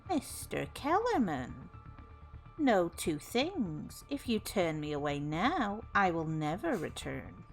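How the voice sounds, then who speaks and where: A woman voicing a short, sly Southern dandy with a drawling, overly courteous manner and a quiet menace. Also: fairly low pitch, big pitch swings, slow pace, soft background music, full character voice. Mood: quiet threat. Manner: drawling, elaborately courteous, leans on words.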